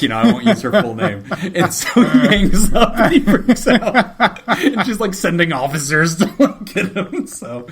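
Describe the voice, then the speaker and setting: A man's voice: high voice, measured pace, few pauses. A middle-aged man, a therapist co-hosting a podcast, telling a story in casual chat and acting out the voices of the people in it. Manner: animated storyteller who acts out quotes.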